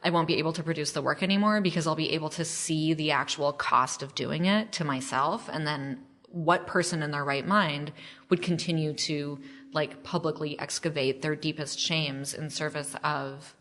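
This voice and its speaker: A woman's voice: sits low, normal speed, a bit bright. A woman author being interviewed on a podcast, talking in a chatty, self-deprecating way with lots of fillers. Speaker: memoir author, podcast guest. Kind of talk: casual interview chat.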